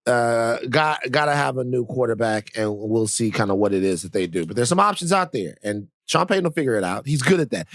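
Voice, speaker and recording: A middle-aged podcast co-host talks in a mid-range voice, a little fast and with few pauses, in a dry, studio-quality recording. His casual chat rambles, full of restarts and "you know"s.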